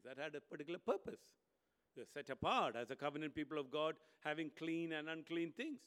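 Preaching with energy, a man at medium pitch alternates between booming emphasis and near-whispered moments in his sermon.

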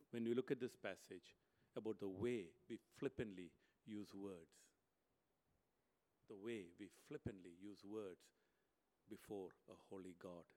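A man with a lowish voice preaches an animated sermon, shifting back and forth between loud, emphatic lines and hushed, quiet ones.

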